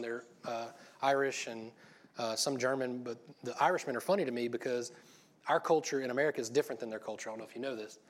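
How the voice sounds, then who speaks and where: A man giving an informal church sermon, folksy and rambling, with joking asides to the congregation. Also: mid-range voice. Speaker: lay preacher.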